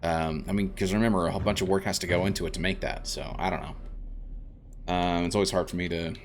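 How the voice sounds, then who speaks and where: A man's voice: deep voice, steady tone, fast talker, a little hiss or hum. A man streaming a game, chatting casually with viewers and rambling a bit. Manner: chatty, rambling, restarts, answers chat. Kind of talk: casual let's-play chat.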